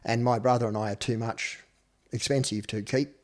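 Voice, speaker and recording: A man's voice: mid-range voice, fairly even intonation, normal speed. An Australian man in his fifties, a guest telling his life story with blunt, profane candor. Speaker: interview guest. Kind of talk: candid personal storytelling.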